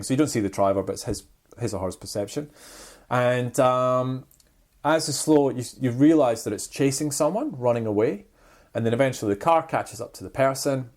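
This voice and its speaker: A man co-hosting a podcast, chatting casually and acting out the people in his stories. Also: mid-range voice. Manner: animated storyteller, acts out quoted people. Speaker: podcast co-host. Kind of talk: casual chat.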